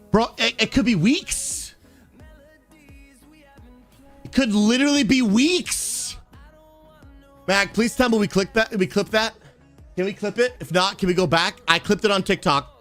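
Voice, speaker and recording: A man, a pastor who streams games, chatting live with his viewers and calling them bro, bursting into shouts and laughter. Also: high-pitched, measured pace, faint music behind. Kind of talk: live gaming stream chat.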